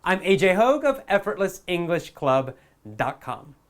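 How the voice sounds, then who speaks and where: A man teaching spoken English, talking slowly and emphatically and repeating example phrases many times. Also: high voice, very animated.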